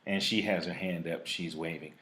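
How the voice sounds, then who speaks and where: A man's voice: low-pitched, steady tone, normal speed, bright, forceful tone. A man hosting a live talk show, reading out a reflective piece in an earnest, preachy way and chatting casually with a phone guest.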